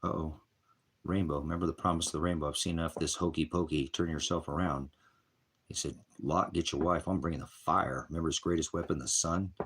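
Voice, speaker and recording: Low husky-voiced man preaching. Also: steady tone, brisk, a bit bright. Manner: combative and profane, frequently clears throat. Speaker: street preacher. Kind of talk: rambling informal sermon.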